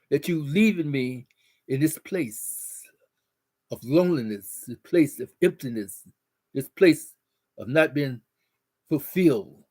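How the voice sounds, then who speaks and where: A man speaking as his fed-up, middle-aged wife, listing her grievances in his own voice. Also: on the high side.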